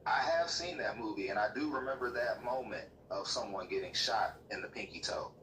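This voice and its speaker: Synthetic male chatbot, formal and lecturing, low, bright tone, played from across a roomy space, faint tv behind. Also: a little fast, distant mic, slight background noise. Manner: stiff, lecturing, polite. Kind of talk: calm, formal replies. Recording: roomy speaker playback with faint TV.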